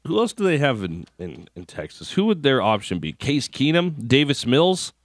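A man's voice: medium pitch, sing-song, no room sound, clean studio sound. A man co-hosting a sports radio show, running through scores in a casual, joking way. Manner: quick sports rundown, joking. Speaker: sports report co-host.

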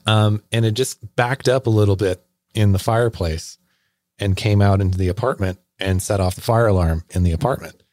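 A man's voice: fairly low pitch, moderate pace, darkish tone, no echo. A man co-hosting a podcast, telling a long casual story with many fillers and laughs. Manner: rambling, laughing anecdote full of fillers. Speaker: podcast co-host.

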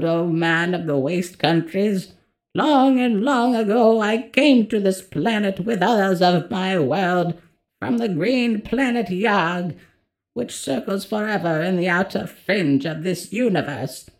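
A woman voicing an ancient, blind, tortured alien being that speaks slowly and falteringly in a sorrowful chant. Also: on the high side, darkish tone. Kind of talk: audiobook character voice.

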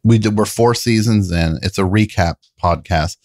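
A comedian guest in a casual podcast chat, riffing with wry, comic asides. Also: male voice, on the low side, moderate pace, a little mellow, no echo, studio quality.

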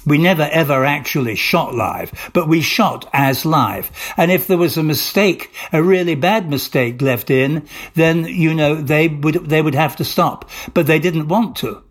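A man's voice: on the high side, normal speed, few pauses. An older male actor being interviewed, telling long rambling stories with restarts and acted-out dialogue. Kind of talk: anecdotal interview storytelling.

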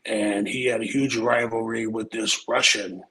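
A man's voice: lowish voice, fairly even intonation, unhurried, pushed and bright, low-quality recording. A middle-aged man from Nebraska, casually telling long rambling stories on a podcast, swearing and saying "man" a lot. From Omaha, Nebraska. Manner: laid-back, rambling, swears, says "man" often. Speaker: podcast guest telling his life story. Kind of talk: casual storytelling.

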